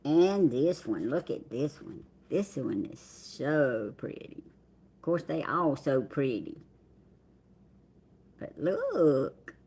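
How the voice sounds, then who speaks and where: Extremely low and husky, her mellow voice has a sing-song lilt, and she takes things slowly. A middle-aged livestream host from the Southern United States, she makes casual live chat with viewers, reading out their names in a drawl.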